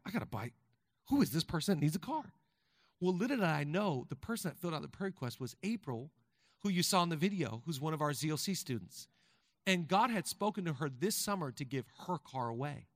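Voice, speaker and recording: A man preaching a sermon as pastor, talking conversationally with the congregation and building to fervent shouting. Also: fairly high pitch, dry recording, studio quality, long reverb tail. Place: large church hall.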